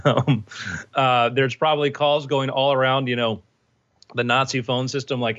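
Fast, animated comic storyteller, man; bright, muffled audio. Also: mid-range voice. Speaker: comedy co-host. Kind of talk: storytelling comedy bit.

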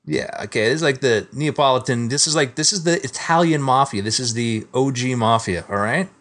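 A man's voice: mid-range voice, fairly quick, a bit bright. A man narrating an improvised tabletop game as game master. He laughs often and breaks into brief silly character voices.

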